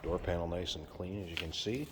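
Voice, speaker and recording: Low-voiced man pitching a classic car. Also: brisk, big-room sound, noisy background. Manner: relaxed, plainspoken, repeats key points. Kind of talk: casual walkaround sales pitch.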